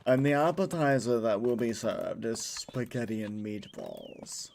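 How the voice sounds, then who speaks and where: Man doing a snooty rich food snob, slow drawn-out posh accent, disdainful. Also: mid-range voice, very animated, vocal fry, darkish tone, slight background noise. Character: snobby rich male restaurant critic.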